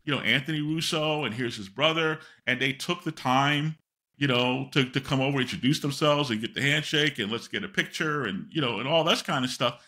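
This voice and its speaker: Older male guest, animated anecdote-teller, bright tone, lots of fillers. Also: medium pitch, brisk. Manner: animated, rambling anecdotes with many fillers and self-interruptions. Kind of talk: storytelling in a podcast interview.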